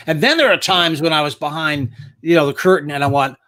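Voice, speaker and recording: A male interview host with a somewhat high voice. He chats freely and tells stories from his own life, then turns to his guest with questions. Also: brisk, pushed and bright. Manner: chatty, storytelling, asks questions. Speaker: podcast host. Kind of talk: interview conversation.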